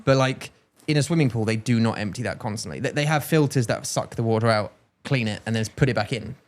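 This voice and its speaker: A man's voice: medium pitch, fast. A British man co-hosting a podcast in casual chat, rambling and correcting himself with a joking tone. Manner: rambling, self-correcting, jokey. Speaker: podcast co-host.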